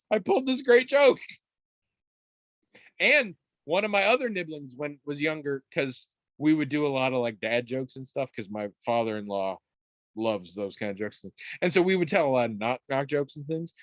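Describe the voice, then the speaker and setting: Rambling, animated male podcast storyteller. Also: on the high side, no room sound. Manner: animated, rambling storyteller with frequent restarts and swearing. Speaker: podcast co-host. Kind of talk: casual chat.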